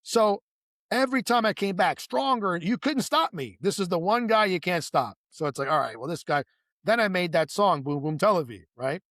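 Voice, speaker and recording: A man's voice: sits high, normal speed, dry recording, studio quality. A man, the guest in a casual conversation, telling long stories with many restarts and asides, acting out the voices of people he quotes. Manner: animated storyteller who acts out quoted dialogue.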